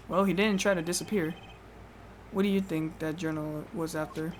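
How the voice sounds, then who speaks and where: A woman streamer reacting loudly and excitedly to a game, with casual swearing and frequent laughter. Faint ambient noise sits under her voice. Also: low-pitched, normal speed. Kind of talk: live game playthrough commentary.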